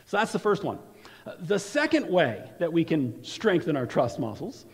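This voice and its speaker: Guy pastor giving a sermon, kinda high voice, long echo from the church hall, chatty and repeats himself a lot. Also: wildly swooping pitch, moderate pace, husky. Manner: conversational, often repeats words as he starts a phrase. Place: church sanctuary. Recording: long reverb from a large hall.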